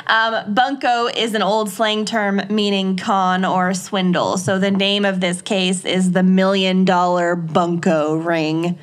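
A woman's voice: medium pitch, little pitch movement, takes it slowly, few pauses. Chatty true-crime podcast woman. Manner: reads case notes with chatty asides. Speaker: podcast co-host telling a true-crime case. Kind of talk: casual chat narrating a case.

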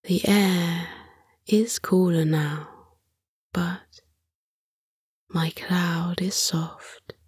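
Woman narrator, whispered bedtime story, very slow, breathy, close dry mic. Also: lowish voice, darkish tone, dry recording. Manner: slow, soothing, lulling. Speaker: sleep meditation narrator.

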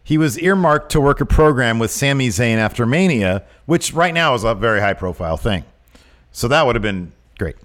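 A man co-hosting a podcast in casual chat. His pitch swings widely as he talks, climbing high whenever he gets worked up and outraged. His delivery is lively and emphatic. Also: moderate pace. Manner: animated, rising to outraged emphasis. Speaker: podcast co-host. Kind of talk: casual wrestling news chat.

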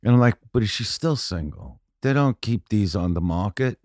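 A male guest comedian telling a story in casual podcast chat, brash and profane, often rising into loud rants. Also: on the low side, expressive, normal speed, no room sound, clean studio sound.

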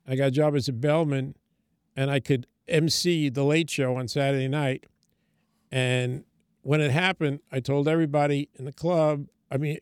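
A man's voice: on the high side, smooth, no echo, studio quality. An older man, a comedian, telling a story in casual talk and acting out the quoted voices. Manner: animated anecdote telling, acts out quoted voices. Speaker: comedian guest.

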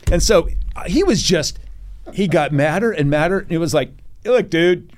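Older retired naval officer, podcast guest; lively raconteur, voices others in his stories, slightly high pitch. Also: moderate pace. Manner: animated storyteller, acts out quotes, laughs often. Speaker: retired Navy captain, guest. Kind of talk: storytelling in a podcast interview.

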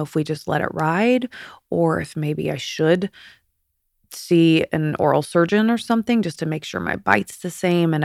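A woman in her fifties hosting a podcast, chatty and confiding, with a slight lisp on her S sounds and soft whispered asides. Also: low voice, creaky, dry recording, studio quality. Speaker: podcast host. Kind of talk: candid personal monologue.

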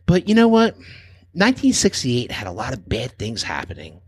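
A man's voice: medium pitch, wildly swooping pitch, moderate pace, slightly rough, dry recording. Man, loose rock-talk storyteller, swears, acts out quotes, dry mic. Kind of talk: casual chat.

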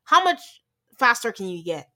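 An American woman co-hosting a casual chat, recapping a reality show in an animated way and acting out quotes. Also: a little high, normal speed. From United States. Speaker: podcast co-host.

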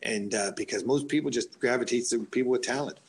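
A man who runs a boxing gym tells a long story in a podcast interview. He talks in a loose, rambling way, stopping to restart and filling pauses with uh and um. His voice sits at an ordinary middle pitch. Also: slight background noise, low-quality recording. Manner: rambling, many restarts and fillers. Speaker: boxing coach and gym owner.

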